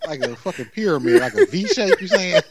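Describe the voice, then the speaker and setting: A man's voice: sits high, huge pitch swings, fairly quick, slight background noise. A man co-hosting a podcast, rambling through stories in profane slang and laughing often. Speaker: podcast co-host. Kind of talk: casual banter.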